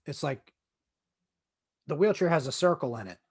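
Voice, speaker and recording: With a slightly high, slightly rough voice, a man speaks animatedly at a normal speed. He's seated, his leg in pain, as he hosts his own podcast and rambles through a crude, joking story with many restarts. The audio is studio quality with no room sound.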